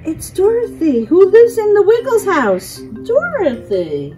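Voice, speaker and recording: A woman with a very high, wildly swooping voice narrates toy play for little children in an unhurried sing-song. She gasps theatrically and repeats phrases over and over. Music plays clearly underneath. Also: sing-song, mellow.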